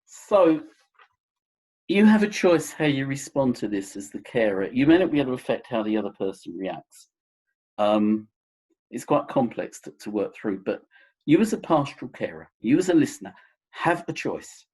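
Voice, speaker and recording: A man, a counsellor, explaining pastoral listening in a recorded teaching seminar, gentle and full of examples. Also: mid-range voice, big pitch swings, normal speed, slightly rough.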